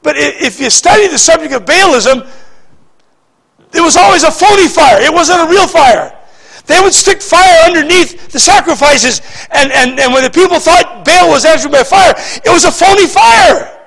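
A pastor preaching a sermon, repeating words and swinging between shouting and hushed speech. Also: male voice, extremely high pitch, lively intonation, normal speed, gravelly.

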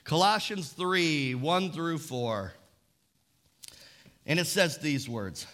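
A man with a high, bright voice preaching a sermon. He reads scripture slowly and leads the congregation in call-and-response. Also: lively intonation. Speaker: pastor.

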